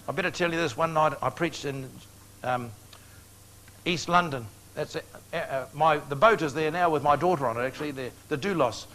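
An older man preaching a sermon in a large meeting hall, telling stories in an animated way. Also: a little high. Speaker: evangelist.

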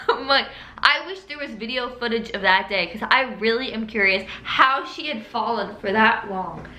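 A young woman vlogger telling a childhood story in a chatty, animated way, with lots of laughs and filler words. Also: a little high, normal speed. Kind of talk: casual story-time monologue. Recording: roomy room echo with faint hiss.

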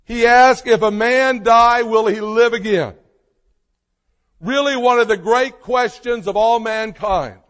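A pastor preaching a sermon with slow, emphatic delivery and dramatic pauses. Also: male voice, very high voice, fairly bright tone, in a large hall.

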